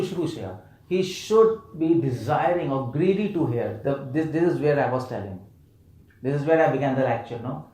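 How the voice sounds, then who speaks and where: A man gives a scripture lecture in a temple hall, his medium-pitched voice ringing with room echo. He keeps questioning his listeners and repeats words playfully for emphasis. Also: darkish tone. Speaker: preacher. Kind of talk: scripture lecture to a live audience.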